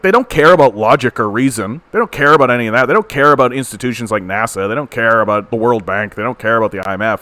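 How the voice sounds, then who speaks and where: A man's voice: mid-range voice, a bit bright, dry recording. A Canadian man hosting a political commentary livestream, ranting in a blunt, profane, exasperated way.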